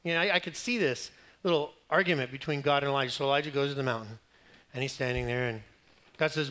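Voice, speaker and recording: A man's voice: medium pitch, quick pace. A man preaching a sermon, telling a Bible story in a conversational, humorous way and acting out the quoted lines. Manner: animated storytelling, acting out quotes, rising loud at climaxes.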